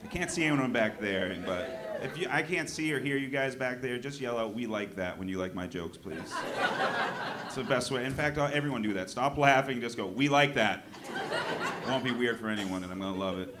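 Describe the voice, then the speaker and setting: A man doing a stand-up set, telling deadpan one-liners and now and then breaking into loud outbursts at the audience. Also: medium pitch, fairly quick. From New Hampshire. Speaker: stand-up comedian. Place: comedy club stage. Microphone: handheld stage mic. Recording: live club recording with crowd noise. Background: audience laughter.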